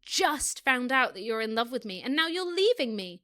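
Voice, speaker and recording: Clingy teasing young racer guy, a woman doing the voice, put-on american-ish accent, pitched up and loud. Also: sing-song, moderate pace. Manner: put-on American-sounding accent, higher and louder than her own voice. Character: young male racing driver, clingy and teasing.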